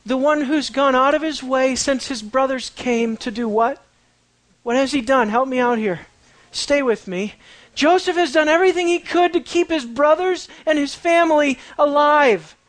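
A preacher giving a conversational sermon on a Bible passage, often asking the listeners questions and telling the story with dramatic swings between quiet and excited. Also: medium pitch, no echo.

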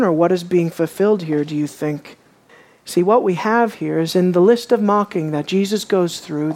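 Woman preacher taking it real slow, emphatic, goes from hushed to shouting. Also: on the low side. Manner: emphatic, swells from quiet to shouting. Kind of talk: sermon.

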